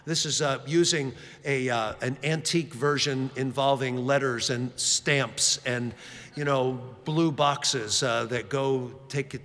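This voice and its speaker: A man's voice: mid-range voice, measured pace. A man preaching a sermon, telling self-mocking stories with lots of fillers, in a church hall. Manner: animated, self-mocking anecdotes with many fillers. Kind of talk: storytelling sermon. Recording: long reverb of a large hall.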